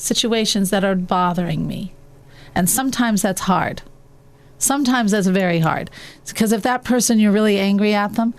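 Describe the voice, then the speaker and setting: Earnest woman radio host, fairly high voice. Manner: earnest, with many fillers and restarts. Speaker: radio show host and life coach. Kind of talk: casual spoken advice on a talk show.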